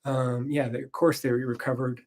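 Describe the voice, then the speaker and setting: A man's voice: medium pitch, little pitch movement, normal speed, a little mellow. A tired man casually rambling through a football weekend recap, frank and profane, with frequent ums. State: tired, yawning. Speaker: podcast host. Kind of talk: casual sports recap monologue.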